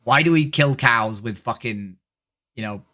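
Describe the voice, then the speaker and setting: A woman's voice: extremely low pitch, a little slow, sharp tone. A woman, a vegan activist streaming a video chat, who argues pushily, swears freely, and keeps asking "right?". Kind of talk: casual video-chat debate.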